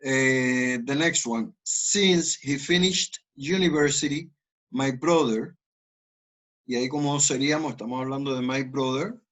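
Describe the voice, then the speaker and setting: A man with a Spanish accent teaching English, explaining grammar and slowly modeling example sentences. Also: mid-range voice, fairly bright tone, low-quality recording. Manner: switches between languages, slow deliberate model sentences. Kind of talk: online class, explaining grammar.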